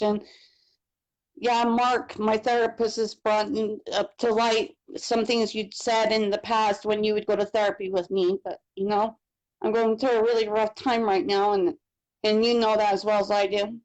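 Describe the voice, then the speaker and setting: A woman in a spirit session, speaking haltingly and tearfully to her late father. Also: mid-range voice, little pitch movement, darkish tone, poor audio. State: crying. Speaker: sitter. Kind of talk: emotional talk to a late father.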